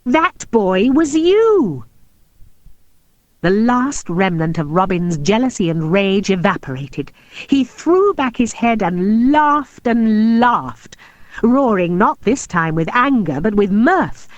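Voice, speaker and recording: Animated woman narrating a storybook. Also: mid-range voice, slow pace, no room sound, lo-fi sound. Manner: expressive and animated reading. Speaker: audiobook narrator.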